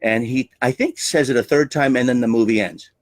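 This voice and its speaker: A man's voice: mid-range voice, fairly quick, no echo. A man coaching on sales with a theatrical, emphatic way of talking. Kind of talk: teaching talk on selling.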